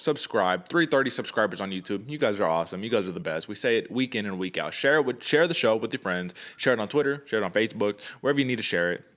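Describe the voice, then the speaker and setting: A man co-hosting a podcast in a casual, slangy chat. His voice sits on the low side and he rattles through his points quickly. He keeps dropping "man" and "brother" between his thoughts. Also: fairly bright tone. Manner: laid-back, slangy, peppers speech with "man" and "brother". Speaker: podcast co-host.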